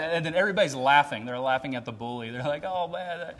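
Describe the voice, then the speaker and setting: A man preaching a sermon in a conversational way, often checking in with "right?" and swinging between loud and soft. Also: on the high side, fast. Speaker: pastor. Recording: long hall reverb.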